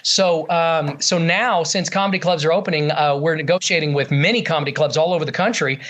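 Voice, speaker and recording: Ventriloquist guy rambling happily in an interview, lotsa ums, voice a bit high. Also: fairly quick, fairly bright tone. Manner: chatty, eager storyteller with many fillers. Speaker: ventriloquist guest. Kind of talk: casual interview chat.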